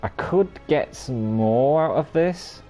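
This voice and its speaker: A man's voice: mid-range voice, lively intonation, takes it slowly, mellow, faint music behind. A man streaming a card game live, commenting on his plays and bantering with viewers while cursing freely. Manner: banter-filled, swears freely, teases chat.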